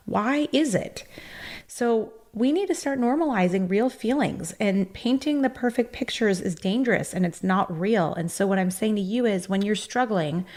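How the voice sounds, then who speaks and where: A woman's voice: medium pitch, darkish tone. A woman hosting a self-help podcast, talking in an earnest, encouraging way with frequent fillers and asides. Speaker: podcast host.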